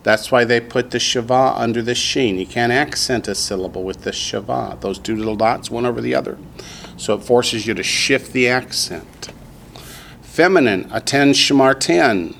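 A man with a Southern US accent teaching a language class in a classroom, drilling students slowly and patiently. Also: medium pitch, creaky, a bit bright, a little hiss or hum. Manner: slow, patient drilling with repetition. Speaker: Hebrew teacher.

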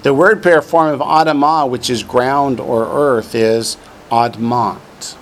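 Slow, deliberate male teacher drilling words. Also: mid-range voice. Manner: dry joking asides between drilled words. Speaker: Hebrew teacher. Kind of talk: classroom lesson, reading from a textbook.

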